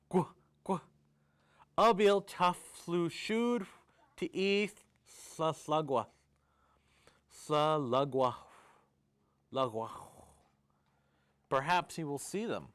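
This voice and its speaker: A solemn carver from a traditional tale speaks slowly and earnestly to the creature he has made, as a man telling the story puts him on. The voice is smooth and slightly high, and each word is drawn out. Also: a bit bright, no echo. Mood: instructing.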